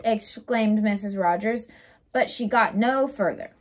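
A young woman reading a children's story aloud in an expressive, animated way. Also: mid-range voice, unhurried. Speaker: storybook reader.

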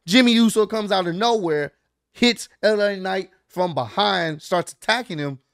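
A man with a slightly high voice chats through a recap in a loose, slangy ramble, piling on fillers as he goes. The sound is dry and close. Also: normal speed, fairly bright tone, no room sound. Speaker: wrestling recap vlogger. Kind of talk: casual recap chat.

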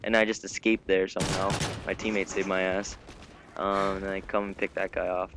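Teen male gamer, low-pitched, relaxed commentary, game gunfire clear behind. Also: normal speed. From Canada. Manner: laid-back, many ums and uhs. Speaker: gaming commentator. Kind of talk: casual gameplay commentary. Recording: gunfire noise from game audio.

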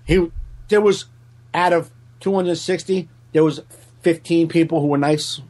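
Unhurried and fairly high-pitched, a stand-up comedian tells a story in casual podcast chat. He's animated and profane, swearing freely and acting out other people's voices.

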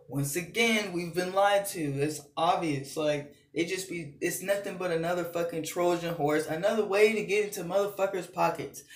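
A channel host rants heatedly into his phone camera in an angry vlog, swearing often and repeating himself. His voice is fairly high-pitched and the recording is reverberant.

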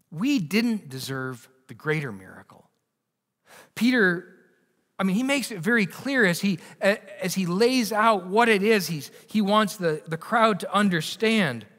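A male pastor preaching a sermon earnestly, often restarting his words and moving between raised and hushed delivery. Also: high voice, in a large hall. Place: church sanctuary.

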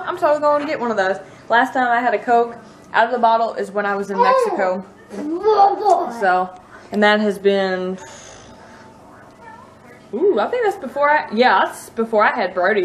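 A woman in her thirties with a Southern US accent, a mom chatting casually and rambling to her camera at home, laughing often. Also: a little high. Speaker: mom vlogger. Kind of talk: casual chat. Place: living room at home.

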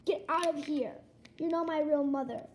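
A woman's voice: high voice, steady tone, moderate pace, slight background noise, close to an everyday voice. A female performer voicing an angry, defiant young pet who has found out it is adopted, in a toy-pet home video role-play. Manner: sulky, yelling back.

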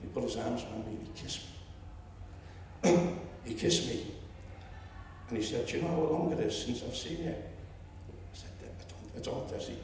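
Seventies Liverpool man, gravelly, public speech, roomy distant hall sound. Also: mid-range voice, moderate pace, slight background noise. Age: 70s. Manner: storytelling, rising to loud indignation. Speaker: public meeting speaker. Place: lecture hall. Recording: echoey hall, distant mic.

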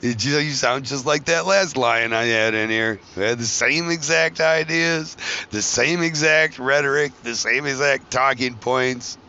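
Guy rambling on his podcast, joking around, swearing a lot, bright punchy voice. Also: mid-range voice. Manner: joking, profane, wanders between tangents. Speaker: podcast host. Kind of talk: casual rambling monologue. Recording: dull lo-fi recording.

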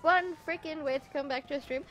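A woman's voice: high voice, brisk, a bit bright. A young woman streaming live, overwhelmed and close to tears, laughing and exclaiming in disbelief. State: near tears.

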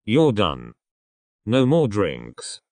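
A man's voice: lowish voice, wildly swooping pitch, drawn-out words, darkish tone, no room sound, heavily acted. A man voicing a curt, exasperated young man. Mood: firm. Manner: firm, curt.

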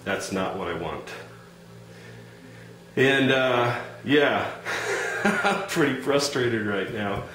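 A man playing a calm, polite customer who hesitates and fills his sentences while growing frustrated in a comedy sketch. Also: mid-range voice, extremely slow, long pauses, echoey room, a crowd in the background, poor audio. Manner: calm, hesitant, over-polite, lots of fillers.

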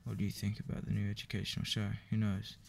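A man reading a joke book aloud in a flat, weary way, with profane asides. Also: fairly low pitch, fast. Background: clear background music.

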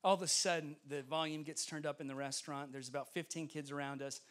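A man preaching as a guest speaker in a church, telling a story with lively acted-out dialogue. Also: fairly high pitch, fast. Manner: animated, acts out dialogue, laughs often. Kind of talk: storytelling sermon. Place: church sanctuary.

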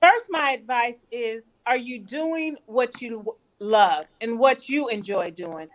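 A woman physician on a live panel, giving relaxed, encouraging advice on exercise. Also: a little high, takes it slowly. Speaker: physician guest.

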